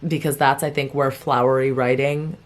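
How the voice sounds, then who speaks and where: A young woman vlogging about a book she is reading, talking to her viewers in a chatty, animated way and laughing often. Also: very deep voice, normal speed. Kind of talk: casual chat to camera.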